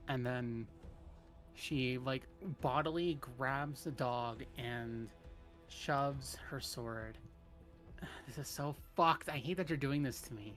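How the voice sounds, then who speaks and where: A man's voice: mid-range voice, slow pace, long pauses, music in the background. A man playing a tabletop role-playing game, describing his character's actions in a casual way and sometimes dropping into a whisper. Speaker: player.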